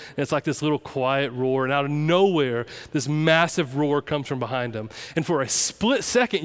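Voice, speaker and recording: A man's voice: on the high side, clear, resonant tone. A young adult man, preaching a sermon emphatically as pastor. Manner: emphatic, preaching with rising intensity.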